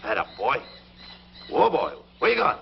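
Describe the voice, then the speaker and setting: An actor playing a bossy, fast-talking straight man in a 1940s film comedy, brisk, scolding and exasperated. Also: mid-range voice, huge pitch swings, gravelly. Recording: dull 1940s film soundtrack with faint hiss.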